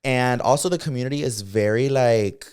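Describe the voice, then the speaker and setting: A young man co-hosting a podcast, telling stories in an animated way, swearing freely and slipping into Spanish. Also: mid-range voice, normal speed, clear, resonant tone. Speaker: podcast co-host. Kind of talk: casual chat.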